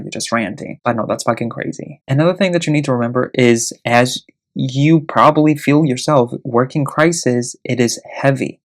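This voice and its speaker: A man hosting a casual show, reading online stories aloud and giving blunt, profane, indignant verdicts on them. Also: medium pitch.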